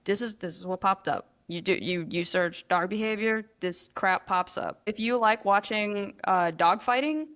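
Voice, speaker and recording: A woman's voice: mid-range voice, moderate pace, few pauses, fairly bright tone. Sarcastic woman co-host. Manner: sarcastic, mocking. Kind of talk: reaction commentary.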